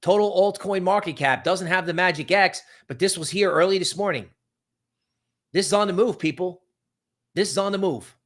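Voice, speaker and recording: A man hosts a live market commentary stream, his voice sitting a little high for a man. He talks in an animated, sardonic way, tossing out quick asides and mocking voices. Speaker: crypto market livestream host.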